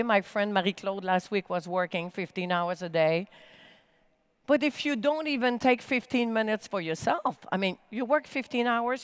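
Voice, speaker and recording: A woman in mid-range pitch gives an energetic, emphatic keynote talk. Her pitch swings widely for emphasis. The sound is dry and close. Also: no echo. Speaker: keynote speaker. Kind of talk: motivational stage talk. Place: conference main stage, live-streamed.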